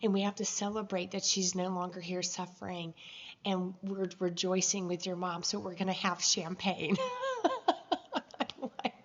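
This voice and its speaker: A woman recording a personal video journal, telling a story in an emotional, halting way with many pauses. Her voice has a gravelly, creaky edge. The sound is slightly dull and lo-fi. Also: lowish voice, level tone. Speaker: vlogger.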